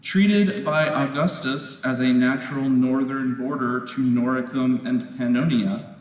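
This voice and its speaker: A man moderating a quiz competition, reading questions aloud in a measured way, repeating them and ruling on each answer. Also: mid-range voice. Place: large indoor competition hall. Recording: echoey hall from far off, faint noise.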